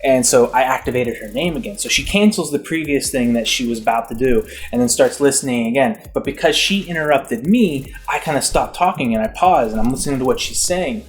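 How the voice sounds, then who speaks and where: A man's voice: mid-range voice, lively intonation, fairly quick, few pauses. A man vlogging, telling a casual comic story in a rambling, self-mocking, exasperated way.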